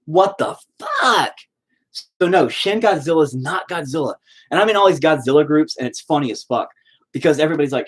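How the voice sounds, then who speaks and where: A man's voice: fairly high pitch, expressive, moderate pace. A man streaming live as he paints, chatting casually in a profane, exasperated rant. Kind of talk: casual livestream chat.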